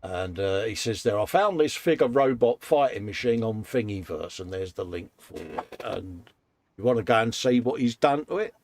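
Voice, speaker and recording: A man's voice: on the low side, lively intonation, moderate pace, a little mellow. A man co-hosting a casual live stream from a hobby workshop, reading out viewer comments and praising model builds in a chatty, upbeat way. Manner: chatty and upbeat, frequent laughs and "mate". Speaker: co-host of a live modelling show.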